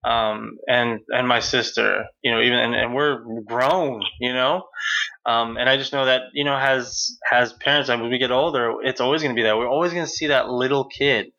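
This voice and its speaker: Bright-voiced chatty man, slightly dull sound. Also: mid-range voice, steady tone, moderate pace. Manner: rambling, many fillers and restarts. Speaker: podcast host. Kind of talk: casual chat.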